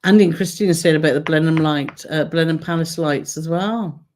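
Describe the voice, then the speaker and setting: A woman's voice: low-pitched, brisk, darkish tone. A woman co-hosting a travel live stream, chatting casually and reading out viewer comments with frequent laughter. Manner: chatty, laughs often, reads comments aloud.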